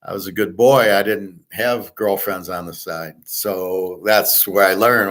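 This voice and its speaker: A man's voice: low-pitched, steady tone, unhurried, hardly any pauses, fairly bright tone. A middle-aged man talking in a blunt, profane, rambling way, full of fillers, as host of a casual monologue.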